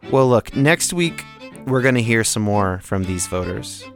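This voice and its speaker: A man hosting a podcast, presenting interview clips in a relaxed, jokey way. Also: mid-range voice, unhurried, vocal fry, over music. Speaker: podcast host.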